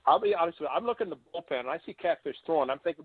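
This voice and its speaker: Older man, interview guest, storytelling, quotes people in lively voices, slightly high voice, tinny phone-line sound. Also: very fast, breathy edge, dry recording. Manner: animated anecdotes, acting out quoted voices. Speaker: guest, former baseball catcher.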